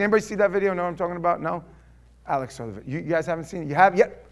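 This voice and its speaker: Animated preacher, loud then hushed. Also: male voice, on the high side, racing. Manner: animated, swings from loud to hushed, acts out quotes. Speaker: pastor. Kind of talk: sermon.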